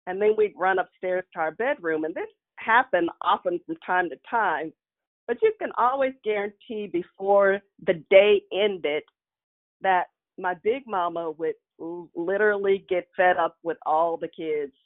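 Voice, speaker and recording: A woman's voice: on the low side, measured pace. A woman telling a personal childhood story with frequent chuckles, in a nostalgic way. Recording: tinny phone-like line.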